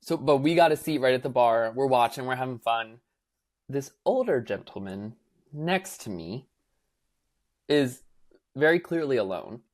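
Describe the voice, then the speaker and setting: A young man co-hosting a podcast, chatting casually and telling an animated story, acting out quotes with lots of filler words. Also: mid-range voice, a little slow, pauses often. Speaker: podcast co-host. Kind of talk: casual chat.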